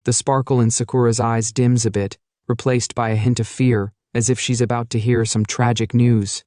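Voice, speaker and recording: A man's voice: medium pitch, flat delivery, normal speed, mellow, no room sound, clean studio sound. Man narrating a playful comic recap. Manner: playful, jokey storytelling.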